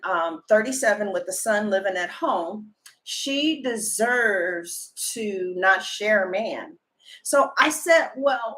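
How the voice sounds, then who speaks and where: A woman tarot reader telling a story to her viewers in a chatty, animated way, full of fillers and sudden loud high exclamations. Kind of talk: casual storytelling chat to live viewers.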